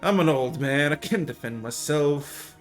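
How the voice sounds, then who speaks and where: A man voicing a feeble, grumpy old farmer who yells at intruders. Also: a little high, lively intonation, measured pace, faint music behind. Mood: complaining. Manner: yelling, cranky, complaining.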